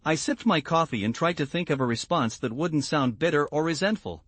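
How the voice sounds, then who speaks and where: A man's voice: fairly high pitch, lively intonation, fairly quick, a bit bright, no echo. Man narrating a first-person story.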